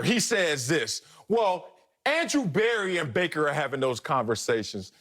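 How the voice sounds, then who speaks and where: A man's voice: on the high side, big pitch swings, moderate pace, a bit bright. A man co-hosting a sports talk show, arguing his take in an emphatic, theatrical, teasing way. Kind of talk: animated sports debate.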